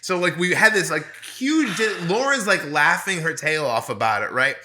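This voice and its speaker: A man co-hosting a casual podcast chat, talking in an animated, rambling way with frequent restarts. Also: a little high, normal speed, a little hiss or hum. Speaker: podcast co-host.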